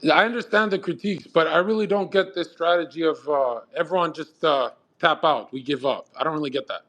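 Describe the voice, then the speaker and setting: Male host, blunt and profane, pep-talk energy, high-ish register. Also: a little fast, fairly bright tone. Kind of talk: motivational talk on a live audio room.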